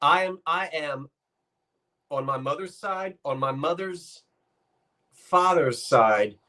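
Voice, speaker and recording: A man's voice: on the high side, slow pace, bright, forceful tone. An older man, co-hosting a casual chat and telling stories while mimicking how people talk. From New Jersey. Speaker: co-host.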